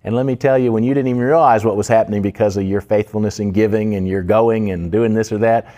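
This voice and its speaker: A man's voice: lowish voice, fairly even intonation, fast, warm tone. A pastor preaching a conversational sermon, explaining Greek words with casual asides to his listeners. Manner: conversational, with fillers and asides to the congregation. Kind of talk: sermon with Greek word study.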